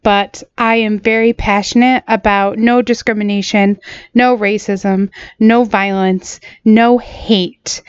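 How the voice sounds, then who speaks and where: A woman hosting a solo podcast, speaking earnestly with a smooth, resonant voice that sounds choked up. She talks in halting, apologetic bursts into a dry, close mic, and the sound is a little dull and lo-fi. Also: on the high side, no room sound. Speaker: podcast host.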